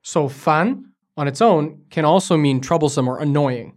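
A man's voice: on the high side, moderate pace, darkish tone. A man co-hosting a language lesson podcast, speaking as a curious learner who asks for examples, recorded in a studio. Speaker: co-host. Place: studio in Beijing.

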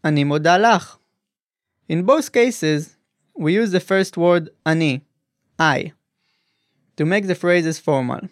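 A male language teacher with a somewhat high voice talks very slowly, carefully sounding out every syllable. His scripted lesson is recorded dry and close, with no room echo. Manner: slow, careful enunciation of syllables.

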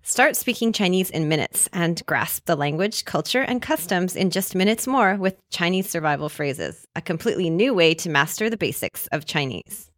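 A woman reading a scripted promotional announcement in an upbeat, smooth way. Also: lowish voice, lively intonation, moderate pace, few pauses, fairly bright tone, dry recording, clean studio sound.

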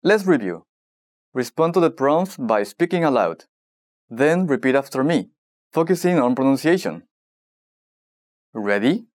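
A language-course narrator speaks at an unhurried, careful pace, giving prompts and then modelling each word. The delivery is scripted and even, built for repeating after. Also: medium pitch. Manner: slow, deliberate prompting and modelling of words.

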